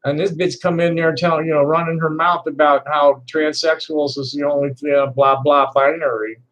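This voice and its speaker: A trans woman in her sixties ranting to camera in a profane, defiant, bitter way, halting and repeating words with laughing asides. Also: sits low, little pitch movement, muffled recording. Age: 60s. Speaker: vlogger. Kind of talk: unscripted rant to camera.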